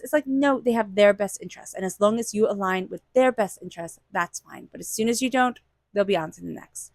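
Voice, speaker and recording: A woman's voice: fairly high pitch, fairly quick, a little mellow, no echo. A woman giving a casual, reassuring tarot reading, repeating phrases for emphasis. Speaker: tarot reader.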